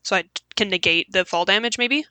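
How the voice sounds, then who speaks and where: A woman with a bright, forceful voice, recorded close and dry. She takes part in a casual tabletop game, asking questions and working out her plans aloud. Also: mid-range voice, quick pace, dry recording. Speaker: player.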